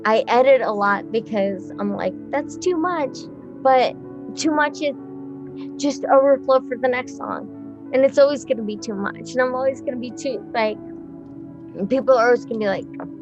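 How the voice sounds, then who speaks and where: A woman in her thirties, a musician being interviewed, talking in a rambling, excitable way, swearing freely and laughing often. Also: a little high, normal speed, highs cut off, music in the background. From Texas. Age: 30s. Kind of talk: casual chat.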